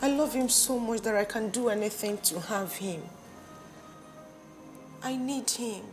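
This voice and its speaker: A woman's voice: a little high, measured pace, music in the background, lightly acted. An actress with a Nigerian accent playing a defiant, obsessive young woman who speaks sharply.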